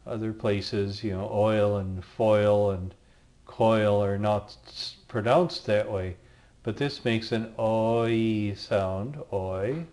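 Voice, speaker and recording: A man's voice: fairly low pitch, fairly even intonation, slow, darkish tone. A man teaching a recorded Greek lesson, patiently sounding out letters and words one by one. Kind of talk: screen-recorded language lesson.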